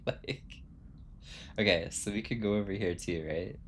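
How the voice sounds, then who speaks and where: A man's voice: on the low side, unhurried. A man streaming a video game, chatting casually in a rambling, self-amused way full of fillers. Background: game music.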